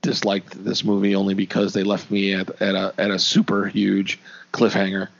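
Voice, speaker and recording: A man's voice: low voice, completely flat delivery, normal speed, creaky. A man co-hosting a podcast, talking about a film in a jokey way and stumbling over his words as he restarts. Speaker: podcast co-host. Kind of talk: casual movie review chat. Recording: dull lo-fi audio.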